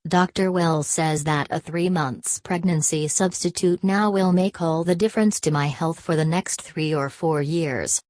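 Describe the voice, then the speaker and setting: A woman's voice: sits low, unhurried, hardly any pauses, a little mellow, dry recording. A woman reading the lines of a sensible young woman who lectures her friend with disapproval, in an audiobook. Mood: lecturing.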